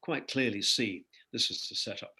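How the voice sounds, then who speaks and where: A man's voice: medium pitch, normal speed, pushed and bright, slightly rough. An older man from Ireland, a guest musician in an interview, telling stories reflectively with hesitant fillers. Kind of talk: interview chat.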